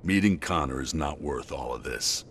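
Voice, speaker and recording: A man's voice: a bass voice, lively intonation, moderate pace, a bit bright, slight background noise. An actor playing a blunt, argumentative male resistance corporal in a video game. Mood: frustrated. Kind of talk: video game cutscene acting.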